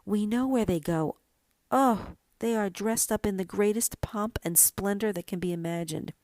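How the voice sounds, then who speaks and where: A woman voicing a chattering flock of boastful sparrows who talk in a chirpy, quick way in a storybook reading. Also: mid-range voice, a little mellow, dry recording, natural voice. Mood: excited.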